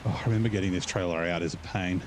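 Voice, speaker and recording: A deep-voiced man chats loosely while he plays, drifting between the game and stray stories and swearing offhandedly. Loud engine and vehicle noise from the game runs under his voice. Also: steady tone, rapid-fire. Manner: rambling, chatty, swears casually. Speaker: gaming channel host. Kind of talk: casual gameplay commentary.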